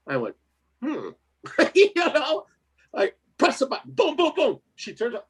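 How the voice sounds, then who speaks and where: A man's voice: a little high, expressive, moderate pace, slightly rough. A man telling a story in casual chat, laughing often and acting out the other voices in it. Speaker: co-host.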